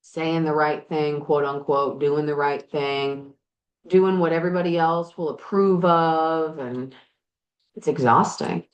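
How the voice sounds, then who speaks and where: A woman's voice: sits low, fairly even intonation, measured pace, highs cut off. A woman life coach and podcast host talking frankly and animatedly, now and then swearing, while working on projects in her garage. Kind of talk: candid motivational chat. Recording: roomy echo.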